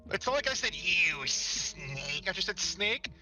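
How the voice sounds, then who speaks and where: A man's voice: high-pitched, fast talker, bright, forceful tone, soft background music, rough recording. A man in casual chat on a game stream, joking around with friends in profane banter over a voice call.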